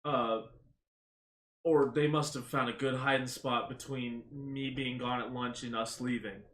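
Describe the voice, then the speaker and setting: A man's voice: medium pitch, steady tone, measured pace, fairly bright tone, echoey room. A man co-hosting a podcast, chatting casually with blunt, offhand remarks. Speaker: podcast co-host. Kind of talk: casual chat.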